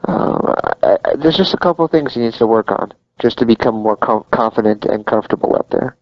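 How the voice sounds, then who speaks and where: A man's voice: medium pitch, brisk, no room sound. A man talks wrestling in a casual, emphatic way, pressing his opinions hard. The recording is muffled and lo-fi. It is close and dry. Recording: dull lo-fi sound, dry.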